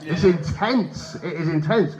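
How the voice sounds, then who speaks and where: A man's voice: fairly high pitch, unhurried. A male stand-up comedian telling profane stories live on a hotel stage, acting out characters, recorded through a handheld mic in a dull live recording with faint room ambience. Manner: animated, profane, acts out characters.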